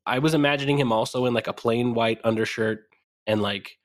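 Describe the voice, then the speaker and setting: A man's voice: mid-range voice, brisk. A man co-hosting a casual podcast, bantering and laughing often. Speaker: podcast co-host. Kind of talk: casual chat.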